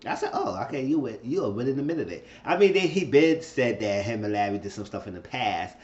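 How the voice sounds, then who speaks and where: A man casually recapping a TV episode, chatty and animated, with speech. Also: fairly quick. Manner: animated, jumps to high squeals when quoting characters. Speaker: TV episode reviewer. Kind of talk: casual recap with acted-out quotes. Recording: roomy, muffled home recording.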